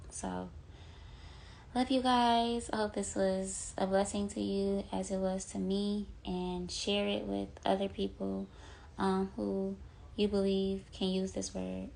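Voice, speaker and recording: A woman's voice: mid-range voice, vocal fry, darkish tone, slight background noise. A young woman giving an earnest, rambling devotional talk into her phone, full of "like" and "you know". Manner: earnest, rambling, heavy use of 'like' and 'you know'. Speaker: vlogger sharing a devotional message.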